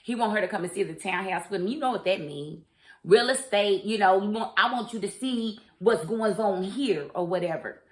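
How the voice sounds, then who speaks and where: A woman's voice: medium pitch, moderate pace. A young adult woman, reviewing a TV drama in a casual, opinionated way and talking straight to the characters. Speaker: TV show reviewer. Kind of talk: casual chat.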